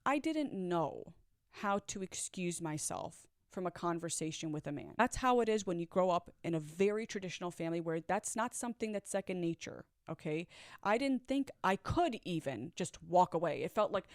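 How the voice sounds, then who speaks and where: A woman's voice: on the low side, lively intonation, moderate pace, no room sound, clean studio sound. A young woman earnestly telling a personal story to camera, acting out what people said. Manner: earnest, emotional retelling with quoted dialogue.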